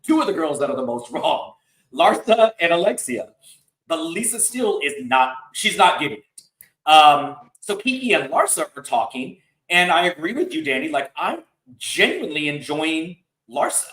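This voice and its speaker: A man's voice: on the high side, big pitch swings, moderate pace, a bit bright, reverberant, far from the mic, rough recording. A man hosting a podcast, recapping a reality TV episode in a casual, gossipy way and laughing often. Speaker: podcast host.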